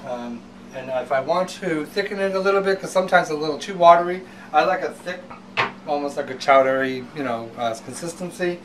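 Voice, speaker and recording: A man's voice: on the high side, brisk, far from the mic, slight background noise, poor audio. A man hosting a home cooking show, talking casually with fillers and restarts.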